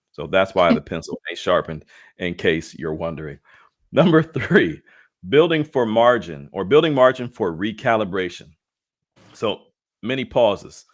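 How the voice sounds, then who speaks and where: A man co-hosting a casual leadership webinar, playful and jokey, mixing slang asides with talk of faith. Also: low voice. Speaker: co-host and leadership coach.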